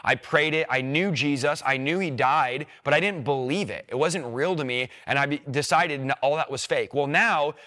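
Bright-voiced young man giving testimony. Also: on the high side, normal speed, hardly any pauses. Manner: earnest, emotional storytelling with repeated phrases. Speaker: podcast guest. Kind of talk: personal faith testimony.

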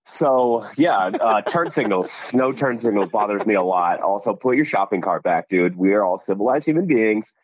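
A man's voice: fairly low pitch, expressive, moderate pace, hardly any pauses, no room sound. Blunt slangy man guest. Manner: blunt, slangy, says dude and bro a lot. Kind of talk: casual chat.

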